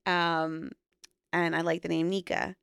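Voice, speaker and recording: A woman's voice: fairly low pitch, level tone, measured pace, creaky, fairly bright tone, clear, resonant tone, no room sound, studio quality. A young woman chatting casually on a podcast, telling a long story with lots of fillers. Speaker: podcast co-host and new mother. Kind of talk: casual chat.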